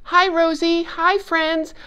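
A woman voicing a friendly, eager young boy puppet who gasps with excitement in a children's puppet lesson. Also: very high-pitched, slow, faint music behind, full character voice.

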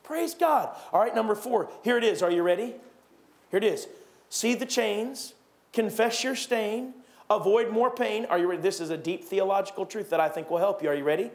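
A man preaching a sermon in a church, animated, acting out gossiping churchgoers with raised voices. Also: high voice, moderate pace. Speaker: pastor. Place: church sanctuary.

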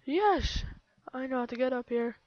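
A high-voiced woman narrates her game in an excitable, playful way, drifting now and then into baby talk while taking her time. She sits right on the microphone in a dry, dead-sounding space. The home recording is dull and lo-fi. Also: measured pace, dry recording. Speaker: let's play gamer. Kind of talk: live gameplay commentary. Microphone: close microphone.

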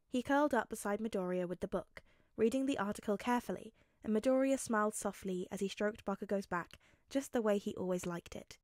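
A woman narrates a fanfic audiobook in a calm, even voice of middle pitch. The sound is dry and close, with no room around it. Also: fairly quick, no echo.

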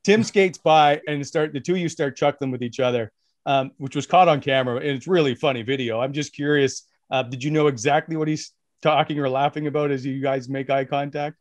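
A male podcast co-host asking curious questions casually, chuckling and pausing with "uh". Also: medium pitch, steady tone, no echo. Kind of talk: casual interview chat.

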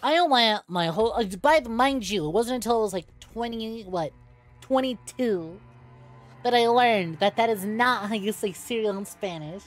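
High-voiced excitable woman streamer. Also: normal speed, faint music behind. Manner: chatty, excitable, swears freely. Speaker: VTuber streamer. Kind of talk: casual gameplay stream chat.

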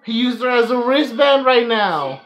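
A woman's voice: fairly high pitch, lively intonation, moderate pace, faint music behind. A woman reacting live to an anime episode, with emotional, profane outbursts. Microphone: webcam.

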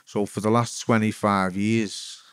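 A man's voice: lowish voice, little pitch movement, measured pace, clean tone, no echo, studio quality. A man in his forties with a Liverpool accent, a former footballer telling his story as a guest in frank, rambling talk full of swearing. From Liverpool, England. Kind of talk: candid storytelling.

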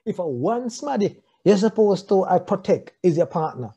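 Jamaican male preacher, husky and warm, asks the crowd question after question. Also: sits high, very animated, moderate pace, dull audio. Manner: rhetorical questions, repeats phrases, chuckles often. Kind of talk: sermon on marriage.

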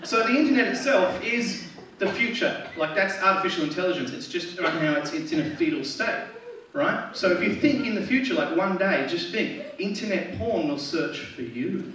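A man's voice: high-pitched, expressive, moderate pace. An Australian man doing a rambling, dry stand-up comedy set on a theatre stage, full of ums and restarts. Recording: echoey theatre, distant mic, loud noise.

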